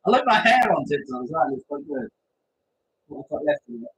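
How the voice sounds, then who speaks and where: A man's voice: a little high, very animated, fairly quick, fairly bright tone, slight background noise, rough recording. Sweary man chatting live. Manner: rambling, sweary, talks straight to viewers; stammering restarts. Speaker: racing tipster hosting a live stream. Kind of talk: casual live-stream chat.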